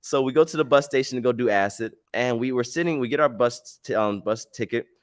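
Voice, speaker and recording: A man hosting a casual storytelling podcast, telling a travel tale in a slangy, rambling, animated way. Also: mid-range voice, fairly quick, smooth, no room sound, clean studio sound. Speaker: podcast host.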